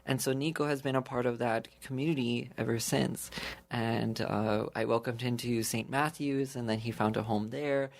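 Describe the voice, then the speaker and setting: A man's voice: medium pitch, steady tone, moderate pace, vocal fry. A man chatting casually as a podcast guest, telling a story in loose, rambling phrases and laughing often between them. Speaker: podcast guest, young adult ministry leader.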